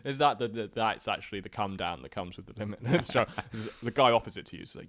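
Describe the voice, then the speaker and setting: A man's voice: fairly low pitch, fast, few pauses, a bit bright. Laid-back man riffing. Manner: laughing, riffing with mock-quoted voices. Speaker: YouTuber and podcast co-host. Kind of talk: casual banter.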